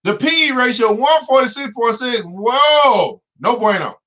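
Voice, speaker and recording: Energetic bright-voiced male show host. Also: very high-pitched, measured pace. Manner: energetic, preachy, exclamatory asides. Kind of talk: casual finance show talk.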